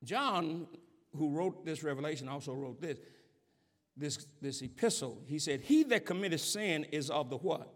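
A man preaching a sermon, asking the congregation call-and-response questions and building up to shouted passages. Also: fairly high pitch, animated, moderate pace. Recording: long hall reverb.

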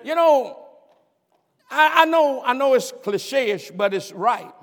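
An older man preaching a sermon, stammering and repeating himself, swinging between shouts and asides and asking the congregation "am I right about it.". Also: extremely high pitch, animated, slow. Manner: stammers and repeats words, bursts into shouts and laughter. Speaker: pastor. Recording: long hall reverb.

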